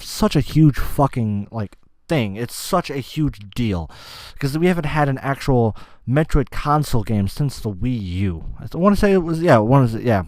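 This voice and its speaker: A man's voice: medium pitch, no room sound. A man hosting a casual solo gaming podcast, rambling, swearing often and losing his train of thought. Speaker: podcast host.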